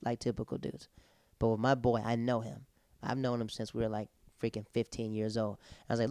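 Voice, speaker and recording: Animated man telling stories, smooth voice. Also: medium pitch, brisk, no room sound, clean studio sound. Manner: animated storyteller, acts out quotes. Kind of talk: casual chat.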